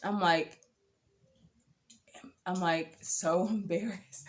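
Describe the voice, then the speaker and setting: A young woman casually telling a dating story to camera, animated and sassy, swearing freely. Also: medium pitch, a little slow, pauses often.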